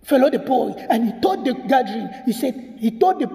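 A man's voice: extremely high pitch, very animated, a little fast, gravelly, mellow, echoey room, big-room sound. A man talking to his viewers in an emotional video commentary, tearful and repeating himself as he appeals to them. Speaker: vlogger.

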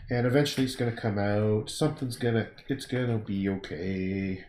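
A man's voice: on the low side, moderate pace, darkish tone, echoey room, slight background noise. Rambling man muttering while he paints. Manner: rambling, muttering to himself, self-interrupting. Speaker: painter livestreaming his work. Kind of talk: casual thinking aloud while painting.

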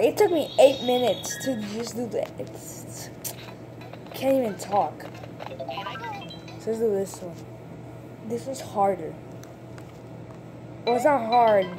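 A woman chatting casually through a video game playthrough, breaking into excited shouts and laughs at close calls. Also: fairly high pitch, a little slow, pauses often. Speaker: gameplay commentator. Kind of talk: casual let's-play commentary. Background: video game music.

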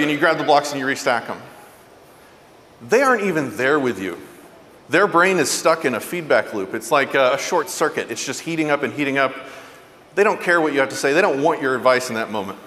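A man giving a parenting talk, telling stories earnestly and going soft and low for tender points. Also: brisk, in a large hall. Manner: earnest, animated storyteller, drops soft and low for tender moments. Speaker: parenting speaker. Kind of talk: motivational talk.

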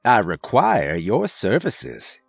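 A man's voice: on the low side, huge pitch swings, slow pace, gravelly, husky, dry recording, faint music behind, exaggerated voice. A man doing a snarling villainous pianist. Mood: menacing. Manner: snarling, menacing. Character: cruel undead male pianist villain.

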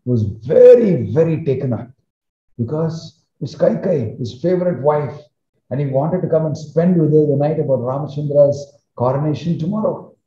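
Man preaching a story sermon, animated, kind of muffled echoey sound. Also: a little high, moderate pace. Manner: animated storytelling with casual fillers. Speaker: swami, spiritual teacher. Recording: roomy, slightly muffled recording.

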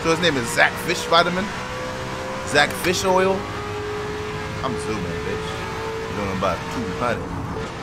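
A young man with a New York accent, casually commentating a racing game with loud, swearing outbursts and quick apologies. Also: on the high side, sing-song. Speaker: gaming YouTuber. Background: music and car engine sounds.

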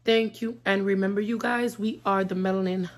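A woman's voice: medium pitch, fairly even intonation, moderate pace. A young woman co-hosting a prank vlog, teasing and laughing through casual banter. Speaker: vlog co-host.

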